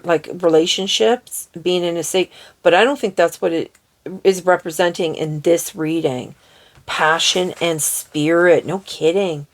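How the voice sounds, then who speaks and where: A woman with a somewhat low voice gives a casual oracle card reading. She is chatty and giddy and laughs easily. She reads the card texts aloud and slows down over unfamiliar words. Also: a little mellow.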